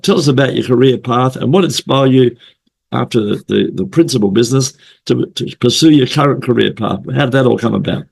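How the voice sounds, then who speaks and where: A man hosting a casual remote interview, hoarse from a flu, chatty and rambling, often repeating himself. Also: mid-range voice, fairly quick, darkish tone. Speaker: interview host. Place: at home late at night, remote call.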